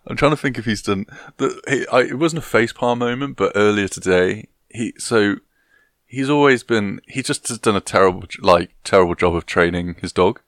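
A man's voice: on the low side, a bit bright, no room sound. A man, co-hosting a casual podcast chat with dry, rambling jokes. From England. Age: 20s. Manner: dry, joking, slow and rambling. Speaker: podcast co-host.

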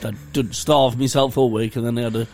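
A man's voice: medium pitch, steady tone, brisk, darkish tone, slight background noise. A man co-hosting a podcast, trading crude, self-mocking banter and laughing often. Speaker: podcast co-host. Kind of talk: casual banter.

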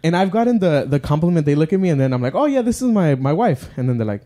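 A man's voice: fairly high pitch, expressive, rapid-fire, warm tone. A young married man co-hosting a podcast, telling stories in casual chat and acting out what people said to him. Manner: tells stories with quoted voices. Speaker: podcast co-host.

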